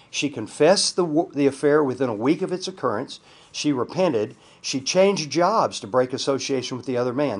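Guy teaching a counseling class, husky voice, folksy, keeps asking do you see it. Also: medium pitch. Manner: folksy, repeats points, asks the class questions. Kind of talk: teaching a class, reading a case study.

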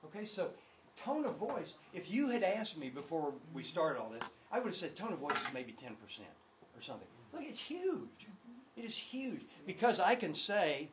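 A man's voice: high-pitched, big pitch swings, normal speed, background noise. An older man teaching a church class with slides, talking in an enthusiastic, emphatic way. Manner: enthusiastic, emphatic, talks with restarts.

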